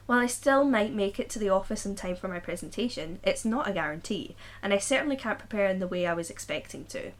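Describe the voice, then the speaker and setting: A woman's voice: medium pitch, lively intonation, quick pace, few pauses. Woman reading a story aloud, chatty. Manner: reads aloud then breaks off joking and laughing. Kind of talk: casual chat with story reading.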